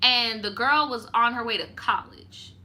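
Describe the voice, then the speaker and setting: Chatty young woman with a bright voice. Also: on the high side, a little slow. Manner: casual, chatty, reacts aloud with slang and laughter. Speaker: storytime YouTuber. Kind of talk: live stream reading viewer stories.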